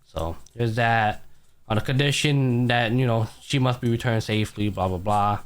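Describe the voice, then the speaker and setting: A man's voice: medium pitch, normal speed. Laid-back man swearing through a recap. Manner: loose, profane storytelling with lots of fillers. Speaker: podcast host. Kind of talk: casual anime recap chat.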